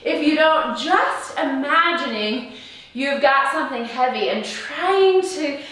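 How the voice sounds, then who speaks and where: A high, bright-voiced woman coaching a home workout in a relaxed, unhurried way. Her tone is bubbly and playful, and she slips into sing-song greetings. The room around her has a noticeable echo. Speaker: fitness instructor. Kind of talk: live workout class instruction.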